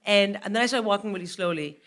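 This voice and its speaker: Bright lady comic on stage, animated and laughing, 40s. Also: medium pitch, fast talker. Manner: animated, laughing through story. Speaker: guest comedian. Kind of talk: live comic storytelling. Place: live comedy stage.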